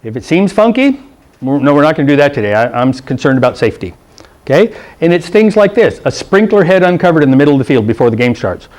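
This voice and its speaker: A middle-aged man runs a classroom rules lecture for football officials in a meeting room, telling anecdotes, asking "okay?" to check in, and bluntly joking as he imitates coaches in funny voices. His voice is on the high side and a little mellow, with big pitch swings and a quick pace.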